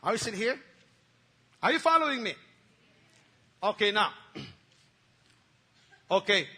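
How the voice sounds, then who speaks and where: This pastor preaches in a very high, ringing voice with a sharp, bright edge. He keeps checking in with the congregation with "Okay?" and "Amen?", repeats himself for emphasis, and drops from loud outbursts to hushed asides. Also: sing-song, slow pace. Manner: emphatic preaching with sudden loud bursts and dropped near-whispers. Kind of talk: sermon.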